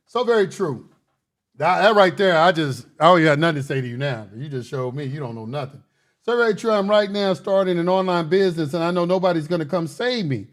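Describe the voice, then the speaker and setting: A man hosting a casual livestream, lecturing his chat in a combative, boastful, slangy way and repeating phrases for emphasis. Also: high voice. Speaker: livestream host answering chat.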